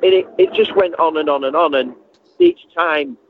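A man's voice: a little high, moderate pace, gravelly, a little hiss or hum. A man telling a rambling story in an interview, often restarting sentences and acting out the voices of others. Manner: animated storyteller, acts out voices, frequent restarts. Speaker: guest recalling a late friend. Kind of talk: rambling spoken reminiscence. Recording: tinny phone-line sound, dry.

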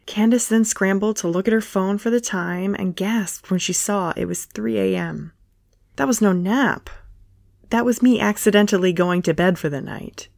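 A woman's voice: mid-range voice, normal speed, gravelly, darkish tone, no room sound, studio quality. Woman narrating a playful romance story.

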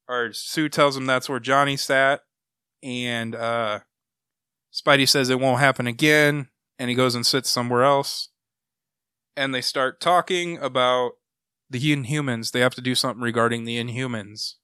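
Bright, crisp man recapping comics casually. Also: mid-range voice, steady tone, normal speed, dry recording, clean studio sound. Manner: rambling plot summary with acted-out quotes. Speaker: comic book podcast co-host.

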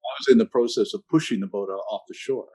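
An older man telling stories in an interview, measured and anecdotal with a dry sense of humor. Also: fairly low pitch, a little mellow, slightly rough. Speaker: interview guest, ocean activist. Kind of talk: storytelling interview answers.

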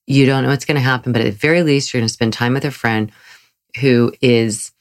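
A woman's voice: rumbling low, fairly even intonation, a little fast. A woman giving a casual motivational talk, chatty and enthusiastic, telling personal stories with frequent laughs and fillers. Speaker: motivational speaker.

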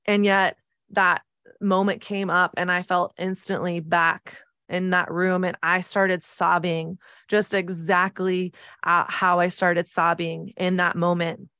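A woman's voice: fairly low pitch, little pitch movement, takes it slowly, sharp tone, clear, resonant tone, no room sound, clean studio sound. A woman in her thirties hosting a podcast, telling a personal story in an earnest, reflective way with many "like" fillers. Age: 30s. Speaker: podcast host.

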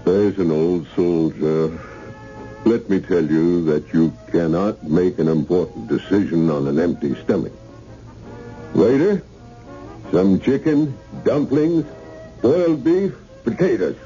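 An actor playing a jovial old soldier, hearty and rambling, in a 1970s radio drama. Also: male voice, low-pitched, slow pace, mellow, soft background music. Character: jovial old male soldier, fond of food. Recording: dull lo-fi radio recording.

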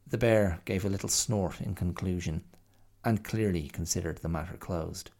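A man reading a bedtime-style story with a deep, gravelly voice and a gentle, unhurried delivery. His tone is dark and mellow, and it moves around a great deal between lines. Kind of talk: storybook narration.

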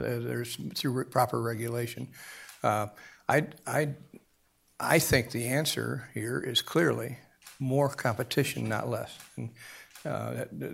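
A man's voice: mid-range voice, gravelly, husky. A man speaking as a guest in a panel discussion, often stopping to repeat words before pressing his point harder. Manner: halting, repeats words, grows emphatic.

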